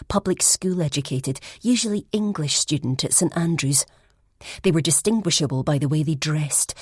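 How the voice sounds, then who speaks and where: Husky, low-voiced woman narrator. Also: darkish tone, no echo, clean studio sound. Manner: measured storytelling. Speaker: audiobook narrator. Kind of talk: scripted first-person narration.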